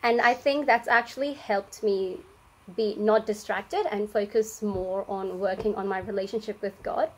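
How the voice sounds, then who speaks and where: A young Australian woman co-hosting a faith podcast, reflecting in an easygoing way with frequent pauses. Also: medium pitch, steady tone, low-quality recording. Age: young adult. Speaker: podcast co-host. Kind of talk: casual faith chat.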